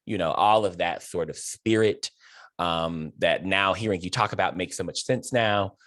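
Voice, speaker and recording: A man's voice: deep voice, normal speed, fairly bright tone, no room sound, studio quality. A man hosting a video-call interview, talking in an effusive, emotional way with many fillers and restarts. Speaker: host.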